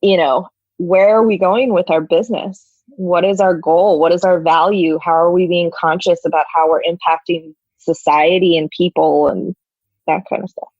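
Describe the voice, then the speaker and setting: A woman's voice: lowish voice, normal speed, no echo, muffled recording. A woman being interviewed as a guest, talking in a chatty way, full of "like" and "you know". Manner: animated, heavy "like" and "you know" fillers. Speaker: podcast guest, people and culture officer. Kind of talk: casual interview talk.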